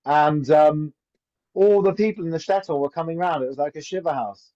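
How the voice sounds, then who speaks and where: A man's voice: fairly high pitch, moderate pace, dark tone. A man teaching an informal Torah class as a rabbi, chatty and anecdotal, often asking "right?". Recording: dull lo-fi recording.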